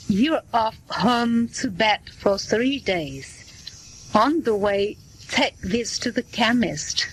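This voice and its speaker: A woman's voice: medium pitch, husky, low-quality recording. A woman reading as a kindly family doctor. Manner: slow, plain reading voice. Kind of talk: scripted dialogue for learners.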